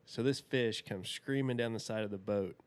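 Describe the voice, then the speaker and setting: Low-voiced man telling a casual story. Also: moderate pace. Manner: folksy, rambling, laughs often. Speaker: podcast guest.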